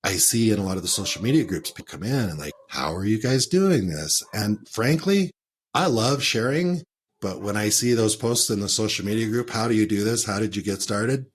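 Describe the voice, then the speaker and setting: A man hosting a travel podcast, asking questions in an animated, laughing way and acting out what listeners might say. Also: lowish voice, fairly quick, slight background noise. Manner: animated, laughs, acts out quotes. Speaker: podcast host. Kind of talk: casual interview conversation.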